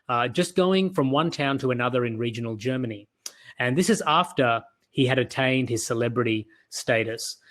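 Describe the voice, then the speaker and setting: Man, Australian accent, earnest storyteller, conference talk over a video call, mid-pitched voice. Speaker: conference speaker.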